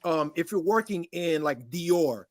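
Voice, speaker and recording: High-voiced chatty man, dry sound. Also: expressive, measured pace, dry recording. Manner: talkative, repeats "you get what I'm saying". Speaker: podcast co-host. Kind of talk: casual debate chat.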